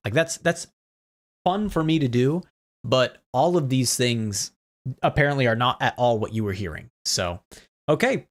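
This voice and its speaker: A man streaming a game, chatting casually and rambling while troubleshooting his audio. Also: medium pitch. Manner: rambling, troubleshooting audio with chat, laughs often. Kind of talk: casual live-stream chat.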